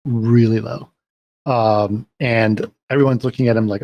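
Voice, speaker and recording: A man's voice: medium pitch, fairly even intonation, unhurried, vocal fry, a little mellow. A man on a podcast recapping a film scene by scene in casual chat, rambling along and checking in with "right?".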